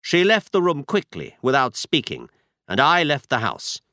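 A man voicing a shrewd, confident male detective who lays out his schemes in crisp, commanding explanations. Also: fairly high pitch, huge pitch swings, moderate pace, pushed and bright, dry recording, clean studio sound, exaggerated voice. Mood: explaining.

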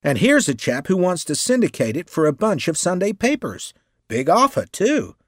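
A man voicing a cheerful, humble male secretary, talking briskly in a husky voice. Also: high voice, wildly swooping pitch, no room sound, studio quality, pitched above the performer's own voice, heavily acted.

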